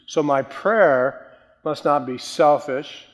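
A man preaching a sermon with strong emphasis, rising to loud stresses and dropping to quiet lines. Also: on the high side, slow pace. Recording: long hall reverb.

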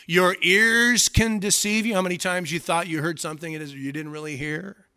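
A man's voice: high-pitched, fairly even intonation, moderate pace, bright, forceful tone, clear, resonant tone. A male pastor preaching a sermon with emphatic delivery, often repeating words for stress.

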